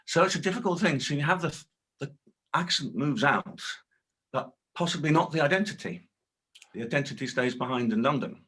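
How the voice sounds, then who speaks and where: Husky bright male panelist. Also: a little high, lively intonation, brisk. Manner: thoughtful, hedging. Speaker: webinar panelist. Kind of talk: casual discussion. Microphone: video call.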